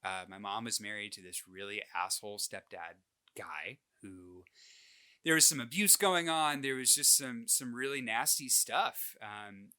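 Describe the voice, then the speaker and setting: This late-twenties man co-hosts a podcast and recounts something from his own life in a loose, chatty way, animated and self-deprecating with plenty of fillers and false starts. His voice is lowish, clear and resonant.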